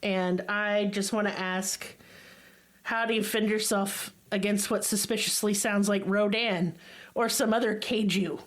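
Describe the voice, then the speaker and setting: A woman's voice: medium pitch, steady tone, unhurried. A woman hosting a podcast, telling a strange story in a casual comedic way, full of swearing and sarcastic asides. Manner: profane, giggly, sarcastic asides.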